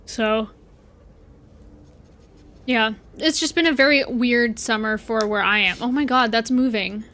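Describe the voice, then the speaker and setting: A Canadian woman streaming a game, her voice high and bright. She chats loosely with her viewers as she plays and answers them as they come in. The talk is casual and rambling. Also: a little slow. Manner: chatty, talks back to chat while playing. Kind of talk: casual livestream chat.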